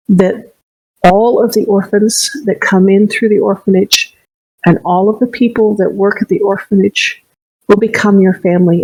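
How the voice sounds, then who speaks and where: A woman playing a gentle, caring fortune teller who speaks in a soft, measured, consoling way. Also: medium pitch, no echo, natural voice, low-quality recording.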